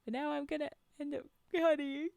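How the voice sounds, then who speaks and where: A woman's voice: high-pitched, a little fast, vocal fry, dry recording. Young woman, live stream storyteller, chatty, giggly, dry close sound. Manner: chatty, giggly, animated asides. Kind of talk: reading spooky stories aloud on a live stream, chatting with viewers.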